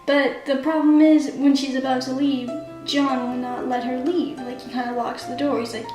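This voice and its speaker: A woman's voice: high-pitched, flat delivery, moderate pace. A woman casually recapping the plot of a story she wrote, in a chatty way with lots of "like" and "kinda". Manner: chatty, constant "like" and "kinda" fillers. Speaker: amateur writer summarizing her own story. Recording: echoey room with faint background music.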